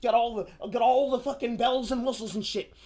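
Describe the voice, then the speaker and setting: A woman streamer ranting in casual commentary, profane and animated, often slipping into mocking voices. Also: fairly high pitch, a little fast.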